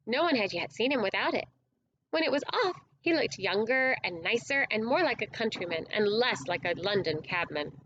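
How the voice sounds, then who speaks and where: A woman's voice: on the high side, lively intonation, moderate pace, fairly bright tone, a little hiss or hum. Woman narrating a storybook, slightly lo-fi. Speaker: audiobook narrator.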